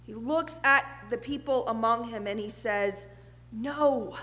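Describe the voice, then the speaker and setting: A woman pastor delivers a sermon in a high, clear voice. Her words ring out with a long reverb through the church sanctuary. She is earnest, poses rhetorical questions and sometimes softens to a near hush. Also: normal speed. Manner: earnest, with rhetorical questions and soft, hushed passages.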